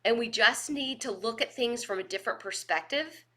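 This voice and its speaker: A woman's voice: on the high side, normal speed. A woman, giving a virtual leadership training and telling stories with energy and laughter over a video call microphone. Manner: energetic, animated storyteller who laughs often. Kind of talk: virtual training lecture with storytelling.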